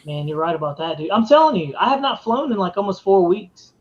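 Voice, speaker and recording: Male podcast host, high voice, casual and laid-back, dull lo-fi stream sound. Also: big pitch swings. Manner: laid-back, drawn-out "dude" and "man", reads viewer comments aloud. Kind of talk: casual live-stream chat.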